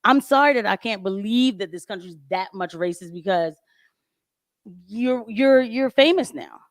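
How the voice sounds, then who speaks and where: A woman host in a casual podcast chat, speaking, animated and laughing often. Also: medium pitch, normal speed, no room sound, studio quality.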